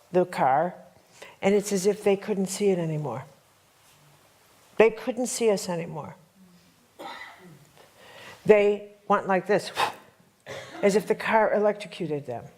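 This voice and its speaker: A woman's voice: mid-range voice, slow pace, long pauses, darkish tone. A middle-aged woman telling a dramatic story to a workshop audience, emphatic and full of repetitions. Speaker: workshop teacher.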